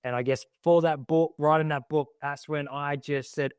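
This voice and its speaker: A man's voice: fairly high pitch, steady tone, moderate pace, hardly any pauses, clear, resonant tone, no room sound. Australian male podcast guest, reflective and earnest, casual filler-heavy delivery, dry room. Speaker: guest, army veteran.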